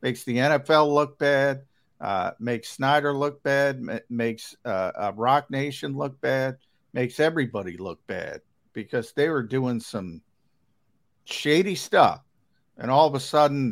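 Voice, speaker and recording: A man co-hosting a casual sports talk show, rambling and emphatic with lots of fillers. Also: medium pitch.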